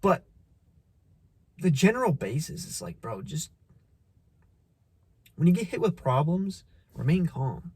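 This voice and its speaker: A man's voice: a little high, big pitch swings, measured pace, pauses often, a little mellow, breathy edge. A man giving a blunt, profane motivational talk, preaching at the listener, repeating himself and restarting his sentences. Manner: repeats phrases, stumbles on restarts. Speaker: motivational vlogger. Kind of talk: casual motivational monologue.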